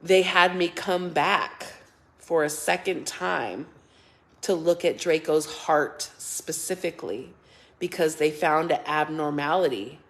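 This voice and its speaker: Low-pitched and unhurried, a middle-aged woman runs a relaxed livestream where she reads out viewer comments. She chats, laughs a lot and thanks viewers by name.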